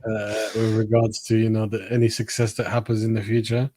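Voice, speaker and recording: A man's voice: on the low side, monotone, fairly quick, mellow, dry recording. A man in a casual football chat, blunt about his views and laughing between points.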